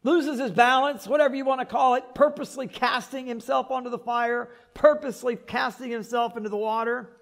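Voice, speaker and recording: A male pastor preaching a sermon in an animated way, repeating words and adding joking asides. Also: very high-pitched, brisk, creaky, hardly any pauses.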